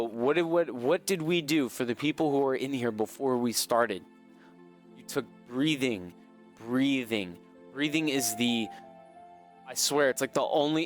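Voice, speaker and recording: A man's voice: medium pitch, fairly bright tone. A man hosting a live trading stream, talking in an earnest, motivational way and often repeating himself. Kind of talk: casual live-stream talk.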